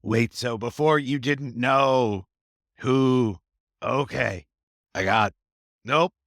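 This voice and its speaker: A man's voice: medium pitch, extremely slow, a bit bright, no echo, clean studio sound. A man playing a tabletop game, talking in a hesitant, rambling way. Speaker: player. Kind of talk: tabletop role-play chat.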